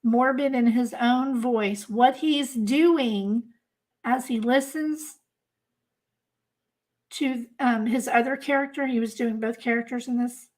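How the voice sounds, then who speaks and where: Speaking slowly in a slightly high, somewhat mellow voice, a woman runs a crime-case livestream and chats informally with her audience. She comes across as exasperated and emphatic, repeating points for effect.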